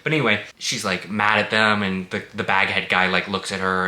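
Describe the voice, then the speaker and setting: Sarcastic man with a bright, cutting voice. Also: low voice, flat delivery, brisk. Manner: blunt, sarcastic, swears freely. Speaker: movie reviewer. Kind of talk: casual spoken review. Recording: echoey room.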